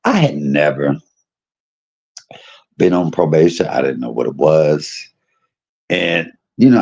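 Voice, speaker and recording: A middle-aged man casually telling a personal story, animated and laughing, using street slang and acting out quotes. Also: deep voice, dull audio.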